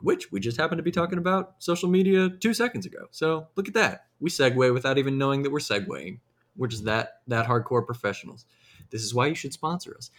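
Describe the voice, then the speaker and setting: A man's voice: mid-range voice, lively intonation, moderate pace, fairly bright tone. Young Southern man, podcast host, casual and rambling. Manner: rambling, jokey, restarts sentences.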